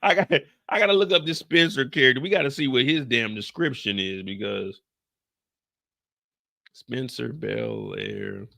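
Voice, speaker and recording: A young man from the Bay Area hosting a casual TV recap show, animated and profane, often acting out scenes. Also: mid-range voice, fairly quick, few pauses. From San Francisco Bay Area. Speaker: show host.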